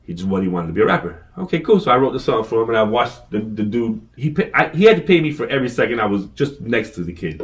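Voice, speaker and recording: Fast-talking profane man storyteller. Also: mid-range voice. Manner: animated, swears constantly, acts out shouted quotes. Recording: somewhat distant from the mic.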